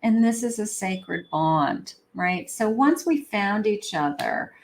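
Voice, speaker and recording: Gentle woman giving a tarot reading. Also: medium pitch, very animated, slow pace, a little hiss or hum. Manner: gentle, reassuring, speaks quoted feelings for the viewer's partner. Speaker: psychic tarot reader. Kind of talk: tarot reading addressed to viewers.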